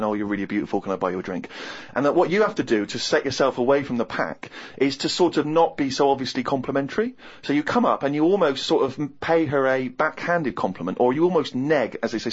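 A man, hosting a podcast, telling a comic anecdote in an animated, exasperated, self-mocking way. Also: medium pitch, husky, lo-fi sound.

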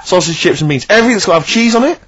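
A man's voice: sits high, animated, very noisy. A man co-hosting a comic radio show, exasperated and mocking as he teases a colleague. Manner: exasperated, mocking, quick to mimic others. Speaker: radio co-host. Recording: slightly dull radio studio sound.

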